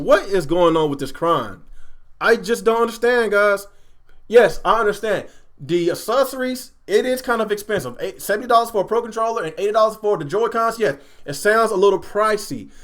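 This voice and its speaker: A man hosting a casual gaming livestream from home, ranting with animated energy and talking straight to his chat. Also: sits high. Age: adult, a father. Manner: animated, repetitive, addresses chat directly.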